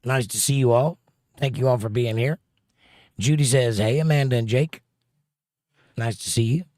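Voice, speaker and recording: A man's voice: mid-range voice, a little mellow, dry recording. Dry-voiced joking male stream host. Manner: jokey, chatty, quick to pun. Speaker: livestream host. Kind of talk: casual chat reading out viewer comments.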